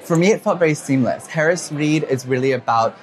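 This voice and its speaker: Fast-talking young man, interviewed. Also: on the high side. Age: 20s. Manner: fast, emotional, many fillers and quoted asides. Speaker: fashion designer, interview guest. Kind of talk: interview answers.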